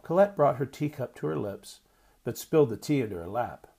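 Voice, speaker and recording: A man reading a story aloud as narrator, in measured, even storytelling. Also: medium pitch, vocal fry, slightly rough. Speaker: audiobook narrator. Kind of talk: scripted narration.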